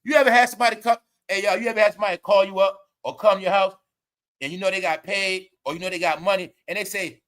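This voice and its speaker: A man hosting an online commentary show, ranting loudly and mockingly, full of slang and swearing. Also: sits high, fast talker.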